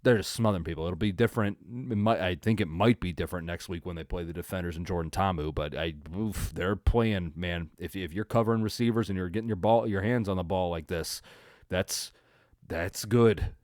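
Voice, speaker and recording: A young man hosting his own sports podcast, recapping a game in a rambling, excitable way with lots of fillers and restarts. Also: deep voice, moderate pace, dry recording, clean studio sound. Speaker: podcast host. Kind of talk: casual solo sports recap.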